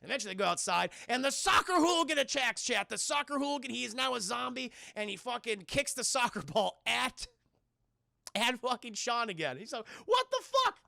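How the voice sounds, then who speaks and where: Man, streamer, profane film recap to chat, high gravelly voice, dry close mic. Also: brisk, dry recording. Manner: excitable, profane, keeps addressing chat; acts out character lines in shifting voices.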